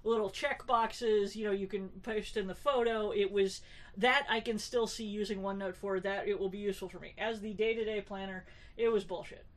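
A woman co-hosting a podcast in relaxed, wry chat. Her voice sits in a middle pitch, and she keeps going with plenty of fillers and self-corrections. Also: brisk. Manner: chatty and wry, many fillers and restarts. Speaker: podcast co-host.

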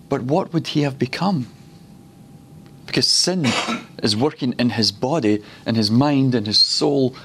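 A man from Glasgow giving a teaching sermon at a ministry school, telling stories and slowing down to repeat words for emphasis. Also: mid-range voice, vocal fry, fairly bright tone, a little hiss or hum. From Glasgow, Scotland.

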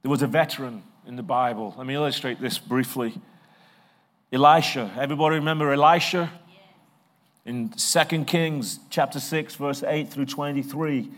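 A middle-aged male pastor preaching a sermon, swinging from soft, slow passages to loud, emphatic ones. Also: mid-range voice, steady tone.

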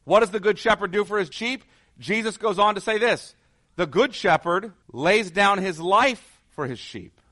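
A man preaching as a pastor, earnest, asking rhetorical questions and moving between soft, low passages and emphatic ones. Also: normal speed. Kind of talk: sermon.

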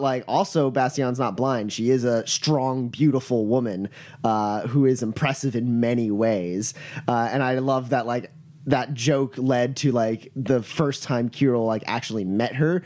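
A man's voice: mid-range voice, a little mellow. A man who plays in the game and co-hosts, chatting casually and enthusiastically. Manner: enthusiastic, laughs often. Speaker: player and podcast co-host. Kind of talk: casual chat.

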